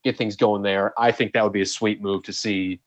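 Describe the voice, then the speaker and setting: A man's voice: on the low side, fairly quick, dry recording. Laid-back man on a sports podcast. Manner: animated, laughing, exclaims in disbelief. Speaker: podcast co-host. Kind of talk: casual sports chat. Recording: dull, slightly lo-fi dry sound.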